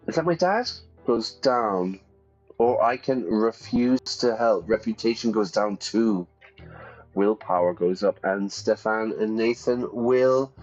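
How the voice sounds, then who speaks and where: A man's voice: lowish voice, a little mellow. A man who teaches English while playing a game aloud, chatty and often checking in with his listeners. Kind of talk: reading a game aloud with vocabulary comments. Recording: dull sound with faint music.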